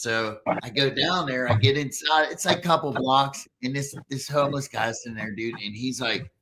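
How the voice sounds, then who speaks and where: A man hosting a casual chat, telling stories in an animated, profane way. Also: mid-range voice, slight background noise.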